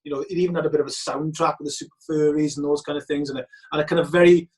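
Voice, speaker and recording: Here a guest from Wales races through football-trip anecdotes in a casual chat, his voice on the higher side. He's animated throughout, impersonating the people he quotes, though the recording itself is low-quality.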